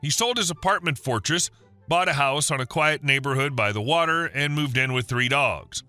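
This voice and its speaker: A man narrating a scripted first-person story in an even storytelling manner. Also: mid-range voice, moderate pace, no room sound, soft background music.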